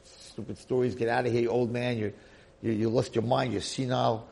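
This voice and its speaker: A man's voice: medium pitch, flat delivery, fairly quick, creaky, a little mellow, natural voice. A man voicing a desperate young male kitchen slave who pleads and scoffs in disbelief. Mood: pleading.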